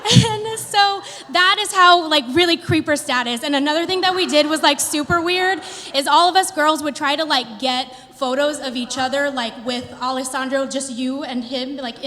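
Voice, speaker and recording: A woman in her thirties performing a stand-up comedy routine, telling an animated story with playful put-on quotes. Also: high-pitched, moderate pace. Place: theater stage before a live audience. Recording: reverberant hall with faint ambience.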